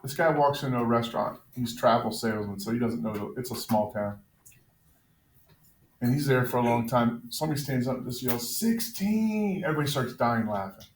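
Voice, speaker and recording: A male teacher telling jokes to his class in a classroom, with a deadpan storytelling manner. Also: medium pitch, brisk. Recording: echoey classroom, faint noise.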